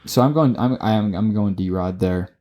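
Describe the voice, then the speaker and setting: A young man co-hosting a sports podcast, swearing constantly and tripping over his words as he rushes through his opinions. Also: fairly low pitch. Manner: profane, excitable, stumbles and repeats words. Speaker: podcast co-host. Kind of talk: casual sports chat.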